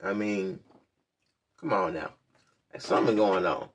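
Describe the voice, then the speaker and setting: A man's voice: deep voice, measured pace. A man hosting a reaction video, talking bluntly in profane street slang. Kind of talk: casual reaction commentary.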